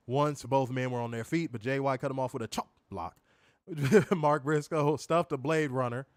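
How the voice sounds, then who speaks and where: A man's voice: medium pitch, fairly bright tone, no room sound. A man hosting a casual wrestling review show, recapping matches in a loose, profane way and laughing often.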